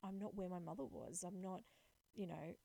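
An Australian woman in her late twenties with a low, mellow, gravelly voice. She tells a personal story earnestly and reflectively, then presses her point with emphatic appeals. Her delivery has the measured pace of a prepared talk. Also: fairly even intonation, dry recording, rough recording. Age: late 20s. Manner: earnest and reflective, building to emphatic calls to action.

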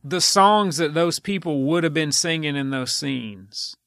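A man hosting a podcast in casual chat, telling rambling, drawn-out stories. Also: on the high side, creaky, a bit bright, dry recording, clean studio sound. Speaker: podcast host.

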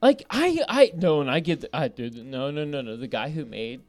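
A man's voice: a little high, big pitch swings, normal speed, soft background music. A man telling a rambling, profane story in casual podcast chat, laughing often as he goes.

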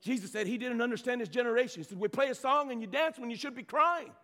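Man, pastor, very high voice, impassioned sermon, stammered restarts, echoey hall with long reverb. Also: fast, sharp tone. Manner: impassioned preaching with stammered restarts and call-outs to the congregation. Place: church sanctuary.

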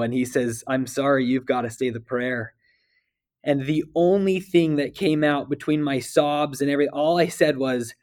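A man speaking as a guest, earnestly and emotionally, with halting restarts as he reflects on scripture and tells a personal story. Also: a little high, steady tone, a little mellow. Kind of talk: heartfelt scripture discussion.

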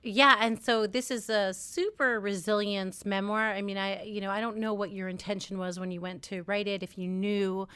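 A woman's voice: medium pitch, fairly even intonation, fairly bright tone, clear, resonant tone. Affirming woman interviewer with restarts. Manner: affirming, halting with restarts, many "mm-hmm"s. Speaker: interviewer, host. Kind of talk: interview questions.

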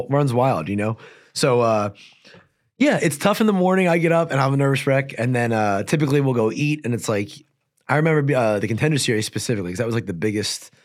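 A man chatting casually as an interview guest, telling rambling stories full of fillers. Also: mid-range voice. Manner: fast, rambling storytelling with many fillers. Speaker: guest fighter. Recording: audio-only podcast.

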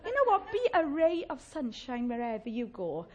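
Lively, jokey woman preacher. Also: a little high, normal speed, lo-fi sound, a little hiss or hum. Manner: chatty, jokey, acts out complaining voices. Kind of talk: humorous sermon.

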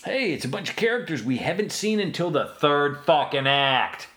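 A man's voice: on the high side, normal speed. A man co-hosting a podcast, chatting casually and crudely through a movie commentary, a little tipsy from drinking. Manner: crude, joking, animated riffing. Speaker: podcast co-host.

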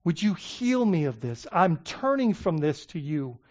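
A pastor delivering a sermon in an emphatic, earnest way, stumbling into repeated words and tossing questions back to the listeners. The pitch sits in a middle range. The recording sounds muffled and lo-fi. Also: big pitch swings, a little slow, darkish tone.

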